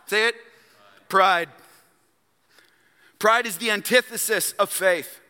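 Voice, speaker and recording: A man's voice: high voice, slow pace, pushed and bright, clear, resonant tone. A man preaching a sermon as pastor, emphatic and calling on the congregation to respond. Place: church sanctuary. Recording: long hall reverb.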